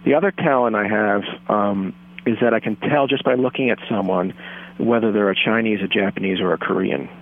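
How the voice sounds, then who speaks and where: A man in his thirties on a phone line, telling a rambling, earnest, self-deluded story in a deadpan comic way. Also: lowish voice, brisk.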